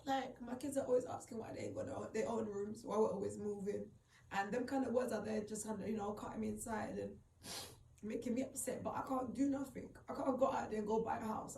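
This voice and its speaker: A woman's voice: mid-range voice, vocal fry, warm tone, a little hiss or hum. A woman retelling a personal story in an emotional, rambling way, full of "like". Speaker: vlogger. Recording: roomy, distant mic, faint ambience.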